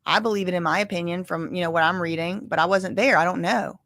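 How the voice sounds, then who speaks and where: A woman's voice: on the low side, steady tone, quick pace, a bit bright, no room sound, studio quality. A woman casually commenting on a live trial, chatty and opinionated, often saying "like" and "y'all".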